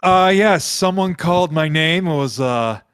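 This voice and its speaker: A man's voice: a little high, a little slow, clear, resonant tone, no echo, studio quality, voice pushed up. A man voicing a flamboyant, smug male chaos god who talks in showy slang. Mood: gleeful. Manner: showy, excited, valley-style slang.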